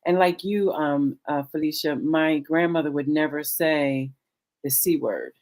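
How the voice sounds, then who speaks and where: Low-voiced woman telling her story haltingly. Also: a little mellow. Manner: halting, many fillers, acts out quoted dialogue. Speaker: guest sharing her story. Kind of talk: candid conversational storytelling. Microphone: video call.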